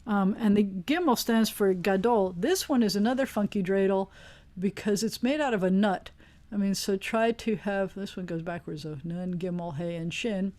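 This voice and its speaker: A woman rabbi teaching an online Hebrew class in a relaxed, digressive way, with plenty of fillers, speaking into a video call mic. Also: medium pitch, moderate pace. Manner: chatty, digressive, with frequent fillers.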